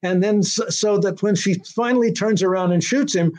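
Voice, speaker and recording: An older American man recalls events in a casual interview, his voice sitting a little high for a man. He rambles, restarting his sentences and filling pauses with "uh" and "um". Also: a little mellow. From United States. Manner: rambling with many restarts and fillers. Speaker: TV writer-director being interviewed.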